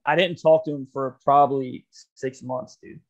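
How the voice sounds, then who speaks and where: A man's voice: medium pitch, steady tone, normal speed. A man co-hosting a podcast, telling a rambling, profane story in casual chat and laughing often. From Philadelphia area. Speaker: podcast co-host. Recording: dull lo-fi podcast audio.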